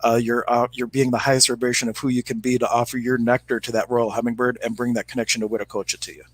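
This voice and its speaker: Brief: male podcast co-host, mid-pitched voice, relaxed and animated storyteller with lots of fillers. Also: fast, low-quality recording. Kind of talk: casual spiritual chat and storytelling.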